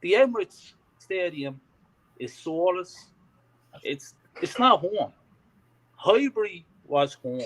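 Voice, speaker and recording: A man vents his frustration in casual chat, emotional and swearing. His voice is fairly high and very animated in pitch. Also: slow, long pauses, low-quality recording. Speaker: fan podcast co-host.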